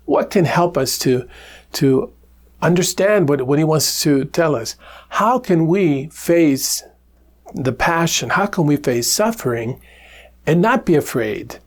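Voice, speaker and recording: A Capuchin friar giving a gentle, reflective gospel reflection, with small laughs and restarts as he talks. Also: fairly high pitch.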